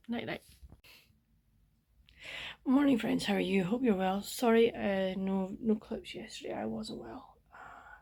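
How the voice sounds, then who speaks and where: Soft-spoken older Scottish woman. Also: medium pitch, measured pace, vocal fry, pauses often, breathy edge. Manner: soft-spoken and rambling, often near a whisper. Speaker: book vlogger. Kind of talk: casual diary vlog.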